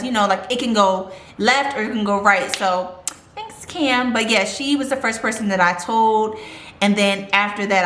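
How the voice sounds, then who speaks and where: A woman's voice: mid-range voice, fairly bright tone, reverberant. A young woman vlogging a casual storytime, rambling and chatty with lots of fillers.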